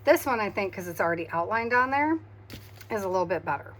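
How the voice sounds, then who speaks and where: A woman, tired after a migraine, chatting softly to herself while she crafts, humming and murmuring as she works. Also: medium pitch, expressive, fast talker, a little hiss or hum. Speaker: craft video host.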